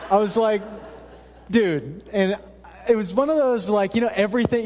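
High-voiced man preaching in a reverberant hall. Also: darkish tone. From Alaska. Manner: conversational, humorous preaching with asides to the congregation. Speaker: pastor. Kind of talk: sermon. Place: church hall.

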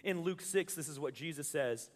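Speaking at normal speed in a fairly high pitch, this male pastor delivers a sermon with a casual, humorous manner and keeps starting his sentences over. He's in a church hall before a live congregation, and the sound is reverberant.

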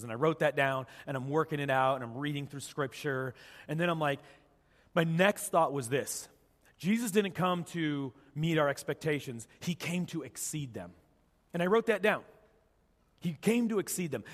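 A man with a fairly high voice preaches a sermon. He tells the story casually and acts out what each person says. His voice rings with the long echo of a church hall. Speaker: pastor.

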